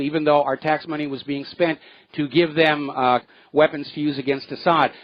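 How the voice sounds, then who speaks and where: A man hosting a call-in radio talk show, opinionated and often pausing on "uh" fillers. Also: on the high side, no echo, lo-fi sound. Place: Hawaii studio.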